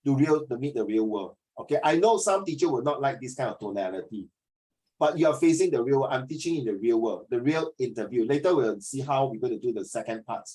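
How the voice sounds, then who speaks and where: A man coaching a student one-on-one for an oral exam, blunt and animated, mixing in Mandarin words. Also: medium pitch, a little fast. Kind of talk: one-on-one tutoring.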